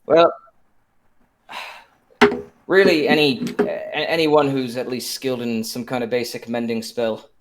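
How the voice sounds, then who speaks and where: Man as a hard-up, frustrated tinkerer who rambles and halts, mid-pitch, tabletop role-play. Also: fairly even intonation, heavy background noise, natural voice. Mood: explaining. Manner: apologetic, rambling, halting. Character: frustrated male tinkerer adventurer, short of coin.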